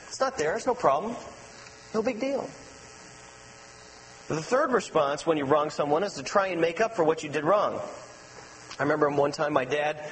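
A man preaching a sermon as pastor, telling personal stories with animation and dropping to a soft, low voice for emphasis. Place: church sanctuary. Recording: long hall reverb with faint mains hum.

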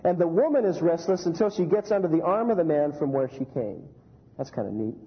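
A man preaching a sermon as a pastor, animated, telling stories and asking the congregation rhetorical questions. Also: fairly high pitch, brisk, in a large hall, lo-fi sound.

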